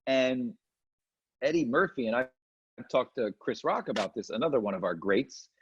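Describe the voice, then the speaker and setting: A middle-aged comedian telling lively stories in an interview, slipping into quick impressions. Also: male voice, mid-range voice, a little hiss or hum. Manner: animated anecdotes with quick impressions. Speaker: comedian guest. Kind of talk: storytelling interview chat. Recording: muffled lo-fi audio.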